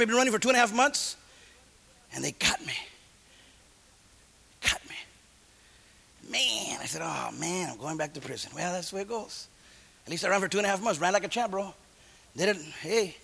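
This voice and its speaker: Gravelly high-voiced man preaching. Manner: street-slang storytelling, swings from loud preaching to hushed. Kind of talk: sermon with personal testimony.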